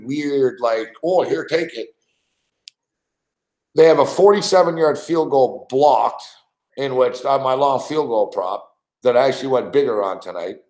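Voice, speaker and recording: A man's voice: medium pitch, echoey room. A man ranting in a frustrated, profane way as he reacts live to a game he has bet on. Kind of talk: casual live reaction rant.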